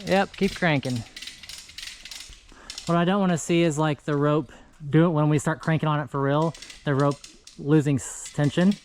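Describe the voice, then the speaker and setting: A man's voice: on the high side, fairly even intonation, normal speed, long pauses. A man casually narrating his tree service work day, chatty and laid-back as he works. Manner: chatty, laid-back, talks while working. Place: outdoors in a yard. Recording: outdoor work noise behind voice.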